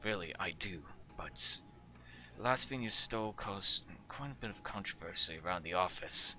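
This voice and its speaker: A man's voice: sits low, lively intonation, normal speed, slight background noise, pitched below the performer's own voice, exaggerated voice. A man playing a stern, weary father. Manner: scolding, then tired and hushed. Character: stern middle-aged male guild father, weary.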